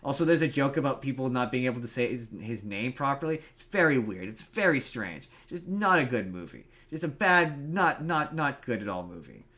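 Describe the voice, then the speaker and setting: A man's voice: medium pitch, very animated, normal speed, hardly any pauses, pushed and bright. Man, podcast co-host, casual movie talk, rambling, restarts a lot, remote call mic. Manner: rambling, lots of restarts and fillers.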